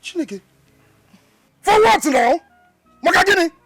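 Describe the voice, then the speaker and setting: An actor with a Nigerian accent playing a hot-tempered young man who stammers and shouts while defending his sister in a film. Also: very high voice, animated, measured pace, faint music behind, heavily acted. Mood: angry. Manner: stammering, shouting, repeats words. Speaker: actor playing a protective older brother. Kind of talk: Nollywood film acting.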